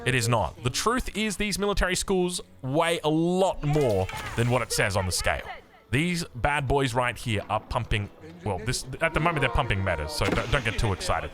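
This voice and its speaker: An Australian man commentating a strategy game match in an excitable, chatty way, joking and digressing as he goes. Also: medium pitch. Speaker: game caster.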